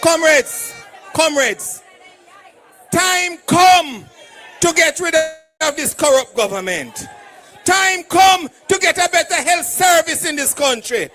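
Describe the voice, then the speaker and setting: Fiery high-voiced Jamaican man shouting. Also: expressive, slow pace, soft background music. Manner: shouting, fiery, call-and-response to the crowd. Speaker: political candidate and doctor at a party rally. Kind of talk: rally speech.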